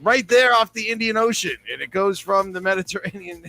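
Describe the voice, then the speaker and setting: A man's voice: sits high, a little fast, music in the background. A man with a New England accent hosting bar trivia, joking and chatty as he reads questions and scores. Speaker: trivia host.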